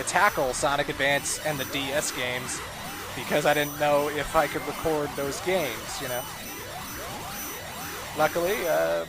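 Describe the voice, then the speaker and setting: A man's voice: fairly high pitch, a bit bright. A man giving casual, chatty gameplay commentary as a let's play host, with frequent asides to viewers.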